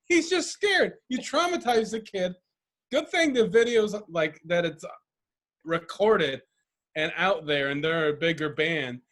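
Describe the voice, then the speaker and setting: A man's voice: high voice, expressive, unhurried, fairly bright tone. A man co-hosting a casual podcast chat, rambling and profane, often laughing. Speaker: podcast co-host.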